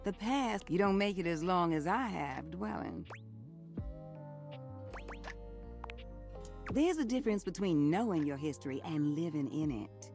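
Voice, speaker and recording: A woman voicing a gossipy old household appliance in a video game, with a gravelly, teasing, knowing way of telling stories. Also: lowish voice, animated, normal speed, over music. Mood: sassy. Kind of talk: video game character dialogue.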